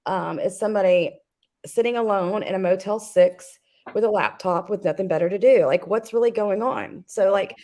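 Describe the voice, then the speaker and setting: A woman in the middle of a casual commentary chat, talking in a snarky, loose way. Her voice sits at an ordinary pitch for a woman. She pads her sentences with likes and ums. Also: moderate pace, dark tone. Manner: snarky, conversational, many fillers. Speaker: co-host.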